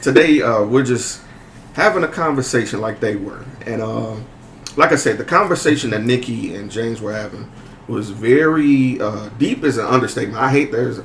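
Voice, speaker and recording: A man hosting a podcast discussion in a relaxed, conversational way with frequent fillers. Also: medium pitch. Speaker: podcast host. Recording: echoey room with faint noise.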